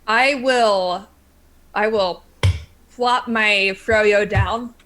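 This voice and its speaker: A woman playing a tabletop game, describing her character's moves with playful, wry humor. Her voice sits at an everyday middle pitch, relaxed and easygoing. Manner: playful, wry, quick to laugh. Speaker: player.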